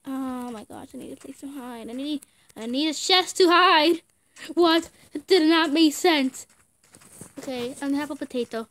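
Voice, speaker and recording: A woman's voice: high-pitched, normal speed, a bit bright. A young woman giving casual gameplay commentary in short outbursts, often screaming and laughing. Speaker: gamer.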